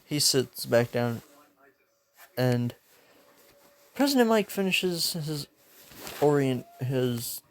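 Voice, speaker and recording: A young man tells a fan-made story in a slow, unhurried way, rambling and slangy. His voice sits in a middling range, and he chuckles at his own jokes. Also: mid-range voice, very animated. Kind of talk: casual fan-fiction storytelling.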